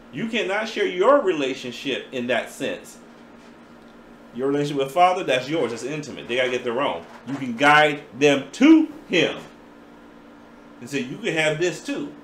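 Lively preacher guy, higher voice, swings up and down a lot, echoey room with a faint hiss. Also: moderate pace, long pauses. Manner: animated, playful, acts out voices in his preaching. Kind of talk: sermon.

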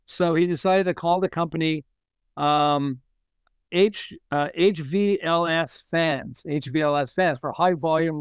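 A man, a marketing expert guest on a podcast, telling animated stories and acting out quoted dialogue with frequent laughs. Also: fairly high pitch, clear, resonant tone, no room sound, studio quality. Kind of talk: podcast interview storytelling.

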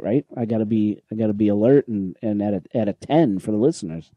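A man co-hosting a podcast, telling a story in a casual, animated way, swearing and acting out what people said. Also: fairly low pitch, quick pace, few pauses, no echo. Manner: animated, swearing, acts out quoted lines. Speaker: podcast co-host. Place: podcast recording room.

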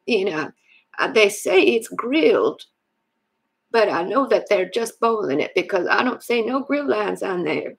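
A woman voicing a lonely, soft-hearted grandmother in a phone prank, rambling and stammering with a creaky, husky old voice. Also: medium pitch, very animated, a little slow, heavily acted, poor audio. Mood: chatty. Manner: rambling, stammering, fond of detail. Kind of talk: scam-baiting phone prank.

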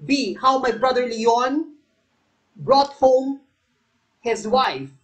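Her voice sits high and expressive but moves extremely slowly, captured on a low-quality recording. A Filipino woman coaching a live exam review, she repeats every question, calls viewers by name, and shifts between English and Tagalog.

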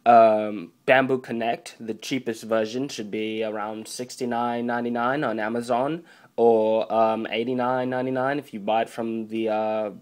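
A young man casually unboxing a drawing tablet on camera, joking around, swearing and filling pauses with ums. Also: mid-range voice. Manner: playful, swears, mock-panics, trails off with fillers.

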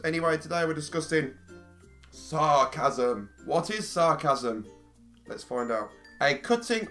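A man's voice: fairly high pitch, fairly bright tone. A man explaining things casually in a vlog, chatty, with jumpy emphasis and frequent restarts. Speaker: vlogger.

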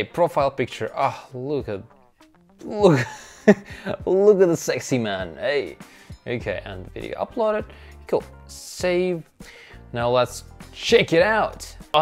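A man whose first language is Russian, talking through a walkthrough in a casual, playful, self-mocking way. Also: mid-range voice. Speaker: vlogger. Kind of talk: casual screen-recording walkthrough.

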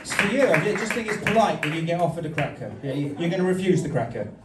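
A man's voice: on the high side, expressive, fast. A male comedian doing crowd work, teasing audience members in a playful, mock-formal way. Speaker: stand-up comedian. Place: comedy venue with live audience. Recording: echoey room, distant mic, loud crowd.

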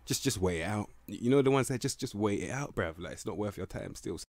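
A young man giving casual, excitable game commentary, rambling in slang, swearing and stumbling over restarts. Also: fairly low pitch, quick pace, dry recording. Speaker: gaming video creator.

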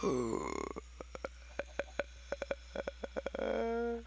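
A man hosting a casual gameplay video, goofy and excitable, giggling often as he talks. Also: high voice, extremely slow, creaky. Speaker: gaming video host.

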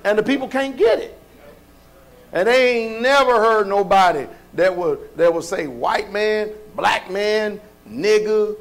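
A male pastor preaching a sermon in a colloquial, folksy way, firing off rhetorical questions and sometimes rising to shouts. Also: high voice, unhurried.

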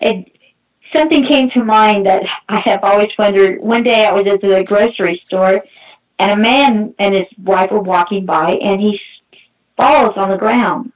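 A middle-aged woman giving a halting, emotional personal testimony as a guest, with many restarts. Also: mid-range voice. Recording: muffled distant mic.

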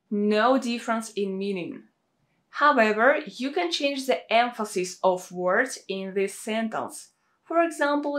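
Native Russian woman, language teacher, slow deliberate delivery, repeats examples. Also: mid-range voice. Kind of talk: online language lesson.

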